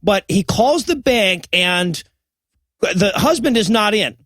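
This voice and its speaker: A high-pitched man riffs sarcastically on a bad movie, summing up scenes with deadpan jokes. He sounds dry and close to the mic, with no room around him. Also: slow pace, no room sound. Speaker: podcast co-host. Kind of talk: casual comedic movie riffing.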